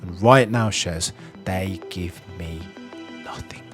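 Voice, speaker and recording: A man hosting a casual podcast, jokey and animated, swinging from quiet asides to loud outbursts. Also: low-pitched, slow, over music. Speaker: podcast host.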